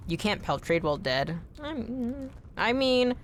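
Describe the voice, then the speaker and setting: With a little hiss or hum in the recording, a very animated woman streams a video game and chats to viewers. She curses a lot and gets frustrated fast, her pitch spiking when she misses.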